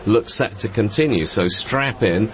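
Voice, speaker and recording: A man working as a political correspondent, giving emphatic, lively news analysis on the radio with the occasional chuckle. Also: fairly low pitch, a little slow. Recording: muffled broadcast audio.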